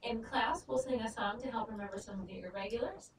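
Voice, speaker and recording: A woman teaching a Spanish lesson, explaining patiently and slowing down to sound out words. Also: on the high side. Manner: patient, clear, slows down to spell out Spanish words. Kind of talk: recorded lesson narration. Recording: echoey room, far mic, noisy.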